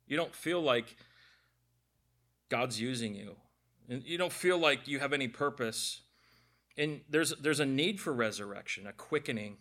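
A man's voice: medium pitch, expressive, measured pace, long pauses, fairly bright tone. A middle-aged man preaching a conversational sermon to a church gathering, telling personal stories with jokes and speaking directly to the congregation. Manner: jokey storytelling, addresses the congregation directly.

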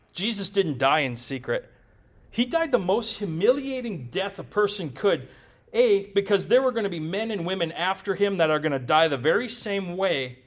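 A pastor preaching a sermon, emphatic and conversational, tossing rhetorical questions to his congregation and slipping in light jokes. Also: a little high.

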